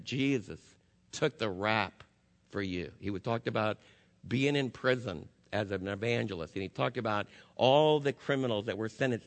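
A man preaching a sermon as pastor, impassioned, swinging from loud declarations to hushed, intense passages. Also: medium pitch. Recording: long hall reverb.

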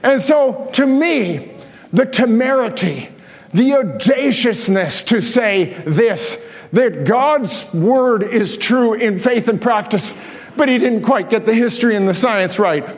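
A man's voice: extremely high pitch, expressive, slow pace. A male pastor preaching a sermon with passion, firing rhetorical questions at his congregation. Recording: long reverb of a large hall.

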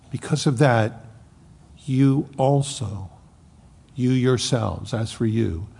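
Male pastor, 70s, husky gravelly delivery, folksy and emphatic, long hall reverb. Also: mid-range voice, warm tone. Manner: folksy, joking asides, emphatic quoting of scripture. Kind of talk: sermon.

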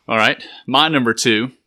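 A man co-hosting a podcast, delivering jokes with deliberate, dry punchlines. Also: medium pitch, pushed and bright. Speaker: podcast co-host. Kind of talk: casual joke-telling chat.

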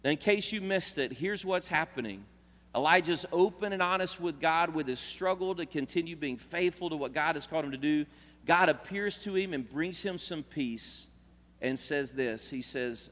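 A man's voice: a little high, moderate pace, a bit bright. A man preaching a sermon in an earnest, conversational way, often restarting his words. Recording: long reverb of a large hall.

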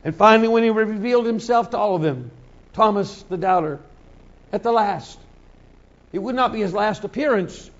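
A man pastor preaching a sermon with a fairly high male voice. His delivery is dramatic, sinking to soft, near-whispered passages and then climbing to loud shouts. The rhythm is slow and emphatic, with lots of repetition. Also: highs cut off. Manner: dramatic, swings from hushed to shouting.

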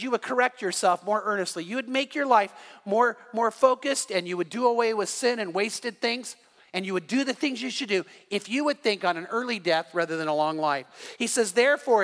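A man's voice: high voice, a bit bright, in a large hall. A man preaching a sermon as the pastor, telling stories earnestly and often restarting his phrases. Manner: earnest storytelling with frequent repeated starts.

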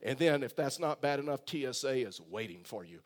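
A man's voice: mid-range voice, expressive, brisk, close to an everyday voice. A man voicing a cheerful old male airport bus driver who makes jokey, upbeat announcements. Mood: joking.

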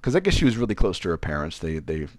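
A man's voice: sits low, very animated, fast talker, no room sound. A man from Virginia telling a personal story in casual chat, rambling and self-deprecating, with frequent restarts. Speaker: podcast co-host.

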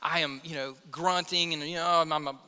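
Pastor, male, 30s; high, sharp voice, chatty sermon delivery, church hall reverb. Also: steady tone, fairly quick, smooth. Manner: conversational, self-deprecating preaching with acted quotes. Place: church sanctuary.

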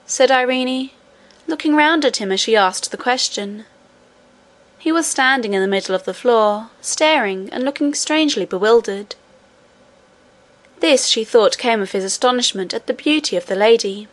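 A woman narrating a classic children's story aloud in an even, clear storytelling read. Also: a little high, normal speed. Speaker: audiobook narrator. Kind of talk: scripted narration.

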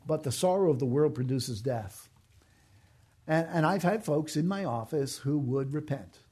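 Husky-voiced man preaching earnestly. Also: fairly high pitch, lively intonation, moderate pace, warm tone. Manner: earnest, emphatic preaching with repeated key phrases. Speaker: pastor. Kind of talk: sermon.

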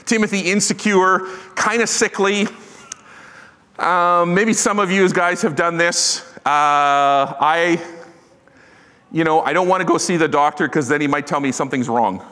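A middle-aged man delivers a sermon in a relaxed, joking, self-deprecating way. His voice is bright and sits fairly high for a man. A long reverb from a large hall trails after each phrase. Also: a little slow, pauses often. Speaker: pastor.

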